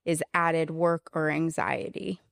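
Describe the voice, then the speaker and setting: Lower-pitched lady host telling a story, earnest, um-ing a bit, dry mic. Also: level tone, takes it slowly, gravelly, dry recording. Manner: earnest storyteller, hesitant fillers. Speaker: podcast host. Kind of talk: casual podcast chat.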